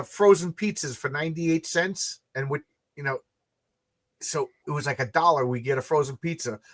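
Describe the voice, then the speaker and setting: A man's voice: a little high, a bit bright. A tired man hosting a late-night chat, telling rambling stories with many restarts and repeated words. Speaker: comic book creator hosting a launch stream.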